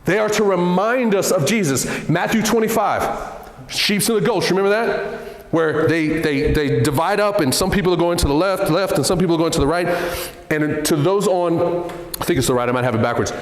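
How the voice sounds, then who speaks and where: A man speaks to a church gathering in an earnest, conversational way, his pitch swinging up and down as he talks. His voice sits a little high. The sound carries a long, roomy reverb from the hall. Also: a little fast. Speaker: guest speaker. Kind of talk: church talk. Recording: echoey hall.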